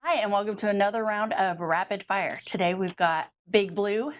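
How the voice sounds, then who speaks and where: A woman hosting a quick-fire interview, cheerful and giggly. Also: medium pitch, steady tone.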